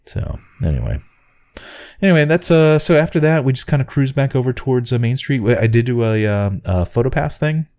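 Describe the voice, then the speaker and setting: A man's voice: mid-range voice, sing-song, fairly quick, darkish tone. A middle-aged man co-hosting a casual podcast, telling a story with exasperated asides. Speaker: podcast co-host.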